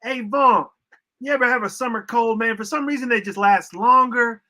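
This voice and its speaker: A man with a high, ringing voice keeps up an excitable, joking flow of slangy banter on a live stream. He is getting over a summer cold. His tone stays bright and forward throughout. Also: moderate pace. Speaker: co-host. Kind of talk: casual chat.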